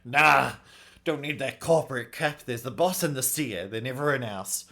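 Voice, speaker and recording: A man voicing an angry, rude male wolf bandit in a game, talking brashly and loudly. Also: mid-range voice, normal speed, creaky. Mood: scornful. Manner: brash, shouting, swearing.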